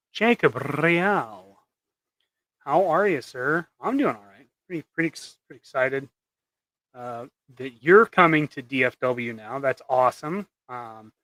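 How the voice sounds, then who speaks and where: The speaker is a man at medium pitch, his tone pushed and bright on a dry recording. He hosts a live stream painting custom action figures, bantering with viewers in a rambling, jokey style full of restarts.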